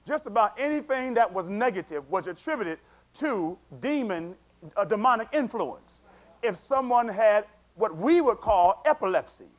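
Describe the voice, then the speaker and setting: High-voiced conversational preacher. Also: male voice. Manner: conversational, chuckling asides, repeats words, checks in with congregation. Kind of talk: sermon.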